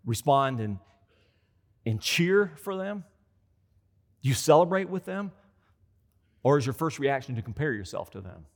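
A man preaching a conversational sermon as a pastor. He repeats phrases for emphasis and acts out quoted voices. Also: medium pitch. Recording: long hall reverb.

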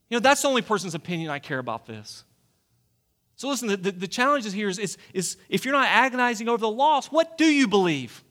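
A pastor in his forties preaches a sermon inside a church, his very high voice bright and forceful. He's earnest and pleading, often turning to the listeners with questions.

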